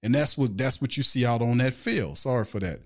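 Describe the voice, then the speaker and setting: A man's voice: mid-range voice, lively intonation, brisk. A man hosting a sports fan podcast, ranting in casual commentary with a stream of rhetorical questions and reading out viewer questions. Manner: takes viewer questions from chat.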